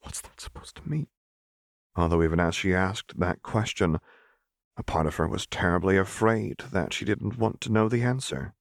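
Deep-voiced man narrating, dry and close. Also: moderate pace, gravelly, no room sound. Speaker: audiobook narrator. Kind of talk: scripted narration.

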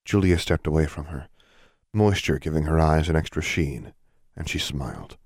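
A man narrates a fantasy novel in a steady, measured reading voice. His pitch sits very low, and the recording is dry, with no room sound around it. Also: dry recording. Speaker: audiobook narrator. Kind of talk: scripted narration.

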